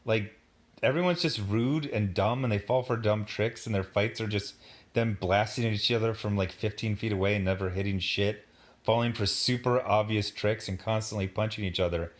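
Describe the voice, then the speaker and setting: A man's voice: on the low side, normal speed. A man hosting a casual review, sarcastic and exasperated, rambling with lots of fillers and mocking asides. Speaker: commentary host.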